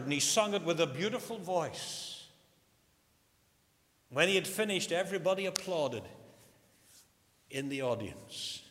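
A man preaching a sermon, slow and emphatic, stressing key words. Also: fairly high pitch, animated, fairly bright tone. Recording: long hall reverb.

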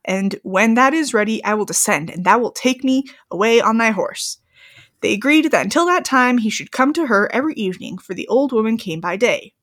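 Giggling as she goes, a young woman reads an old-fashioned fairy tale aloud and breaks off to joke, acting as story reader and co-host. Her fairly high, fairly bright voice has lively intonation and moves fairly quickly.

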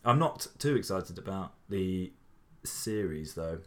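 A man's voice: sits low, lively intonation, slow, a bit bright. A man co-hosting a podcast, playful and teasing. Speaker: podcast co-host. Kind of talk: casual chat.

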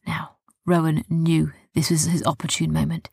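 A woman narrating a children's story softly, often dropping to a whisper. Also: sits low, level tone, moderate pace, creaky, breathy edge, dry recording, clean studio sound.

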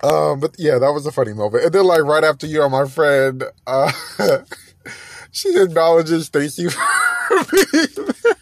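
A man hosting a podcast, chatting in a gushing, animated way and repeating himself often. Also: fairly high pitch, measured pace, gravelly, shouting, slight background noise. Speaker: podcast host. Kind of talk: casual music gossip chat.

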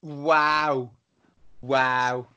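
A man's voice: medium pitch, little pitch movement, extremely slow, pushed and bright, clean tone, muffled recording. A British man co-hosting a podcast, chatting casually with sweary, sardonic remarks. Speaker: podcast co-host. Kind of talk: casual film chat.

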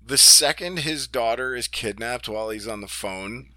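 A man's voice: medium pitch, moderate pace, bright, forceful tone, dry recording. A young man co-hosting a podcast in casual chat, laughing often and acting out quotes. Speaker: podcast co-host.

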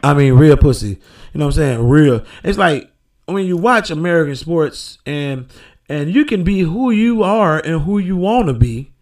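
A man's voice: a little high, lively intonation, normal speed, darkish tone. A man hosting a podcast, rambling through a casual monologue with lots of profanity. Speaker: podcast host.

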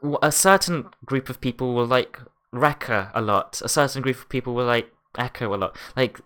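A man with a New Zealand accent talks through a casual chat. He is relaxed and chatty, often restarting and filling pauses as he thinks aloud. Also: medium pitch.

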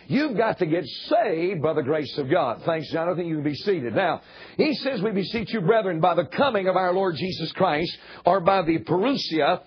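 An older man preaches in a church in a very husky, rough voice that sits rather high. He drives his points home with emphatic repetition and pleading appeals. The recording sounds dull and lo-fi. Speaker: guest preacher. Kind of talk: sermon. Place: church building.

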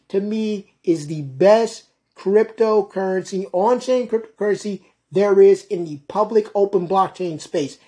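A woman's voice: on the high side, darkish tone. A woman hosting a podcast, talking casually and ranting with lots of swearing and emphatic repetition. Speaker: podcast host.

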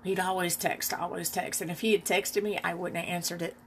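A woman podcast host telling a personal story, candid and reflective, in an unhurried way with pauses. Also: fairly low pitch, little pitch movement, slight background noise.

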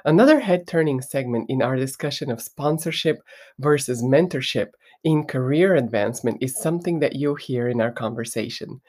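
A podcast host opens the episode with a scripted introduction. The delivery is smooth and clearly read aloud. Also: mid-range voice, a little mellow.

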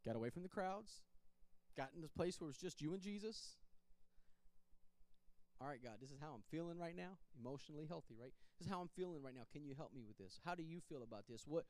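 A man with a high, light voice leads a Bible study, talking candidly and personally, restarting his phrases and chuckling as he goes. The sound is close and dry, with no room echo. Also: lively intonation, fast, a little mellow. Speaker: pastor teaching a Bible study. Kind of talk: conversational Bible study teaching.

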